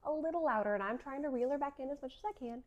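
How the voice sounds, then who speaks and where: A woman's voice: high-pitched, rapid-fire, dull audio. A woman in her thirties telling a personal faith story in a casual, chatty way, with lots of filler words and frequent laughter. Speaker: vlogger sharing a faith story.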